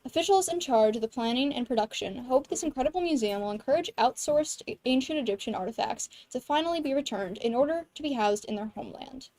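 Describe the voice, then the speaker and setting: High-voiced girl reading school news. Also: lively intonation, fast talker, few pauses, a little mellow, no room sound. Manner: reads from script, stumbles over names. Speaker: student news anchor. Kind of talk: reading news and history facts.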